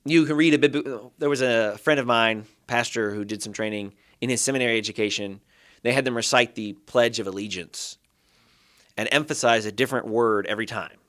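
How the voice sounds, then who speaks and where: A man's voice: mid-range voice, brisk, a bit bright. A man with a mid-range voice speaks as a podcast guest who teaches Hebrew. He explains carefully, laying out one point after another in an easy conversational way. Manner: thoughtful, building points step by step. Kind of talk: explanatory interview talk.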